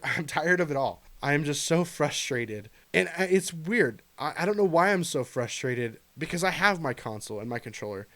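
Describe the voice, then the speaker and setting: A man, a gaming commentator ranting to camera in a frustrated, earnest and pleading way. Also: mid-range voice. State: choked up near the end. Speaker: gaming YouTuber.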